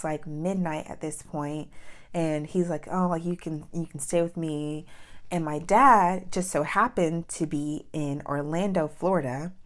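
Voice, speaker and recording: A young woman from New York telling a personal story in a casual vlog, animated and full of "like" fillers as she acts out what people said. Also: fairly low pitch. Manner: animated, with many "like" fillers and acted-out quotes. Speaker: vlogger.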